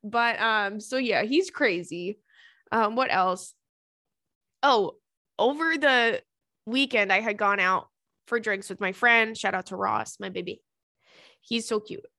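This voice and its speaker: A young adult woman hosting a podcast, telling stories in a casual, animated way, laughing often and acting out what her friends said. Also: medium pitch, slow, pauses often, no echo, studio quality. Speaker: podcast host. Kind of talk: casual storytelling chat.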